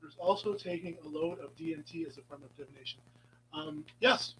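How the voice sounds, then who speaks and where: A man's voice: on the high side, a little fast, a bit bright, breathy edge, rough recording. A man hosting a casual live chat with viewers, meandering and playful, with many ums and restarts, sometimes dropping to a whisper. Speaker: live stream host.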